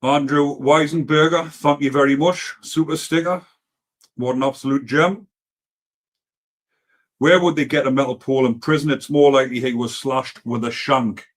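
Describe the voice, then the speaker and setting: A man's voice: mid-range voice, fairly even intonation, normal speed. Man, Geordie accent, live-stream host, casual, blunt, sweary, rambling. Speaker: livestream host reading comments.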